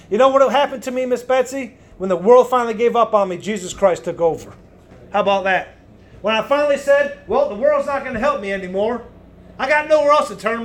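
Loud, high-voiced man preaching a sermon. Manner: loud, emphatic, swings between booming and hushed.

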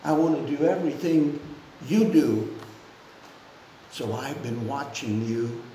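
A man's voice: mid-range voice, steady tone, slow pace, warm tone, a little hiss or hum, close to an everyday voice. A man reading out the lines of a four-year-old boy from a song lyric during a sermon, in a slightly sing-song voice. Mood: tender. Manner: sing-song, lightly raised voice. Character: eager four-year-old boy admiring his dad. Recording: echoey church room.

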